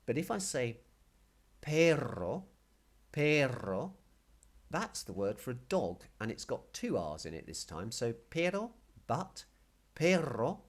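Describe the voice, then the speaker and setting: A man teaching a casual Spanish lesson, patiently explaining and repeating words. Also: lowish voice. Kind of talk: casual video language lesson.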